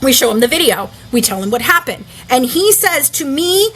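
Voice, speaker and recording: A woman, an interview guest, telling a story in casual, animated talk full of "like" fillers. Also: high-pitched, normal speed, slight background noise, rough recording.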